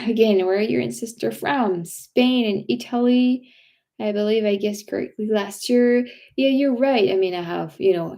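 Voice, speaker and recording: A woman's voice: mid-range voice, creaky, mellow. A woman from France with a French accent, chatting casually as host of a livestream, rambling with many restarts and fillers. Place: home.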